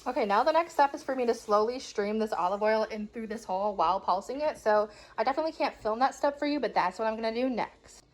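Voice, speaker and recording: A woman's voice: a little high, fast, poor audio. A young woman chatting casually to camera in a home vlog, giggly and self-mocking as she cooks and gardens. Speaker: vlogger.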